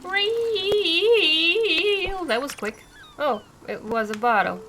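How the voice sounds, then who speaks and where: A woman's voice: on the high side, moderate pace, a little hiss or hum. A woman streaming a cozy game, chatting upbeat and thinking aloud as she plays. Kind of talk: casual let's-play commentary. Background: soft game music.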